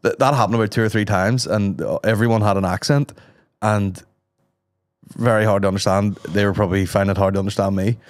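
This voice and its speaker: A man's voice: lowish voice, fairly even intonation, fast talker, no echo. A man with a Northern Irish accent telling jokey stories and swearing freely in casual podcast chat.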